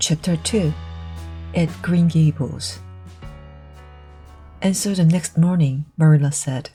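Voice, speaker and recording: A woman narrating a novel aloud in measured, clear storytelling; her first language is Korean. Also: low-pitched, mellow, faint music behind. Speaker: audiobook narrator. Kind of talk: steady audiobook narration.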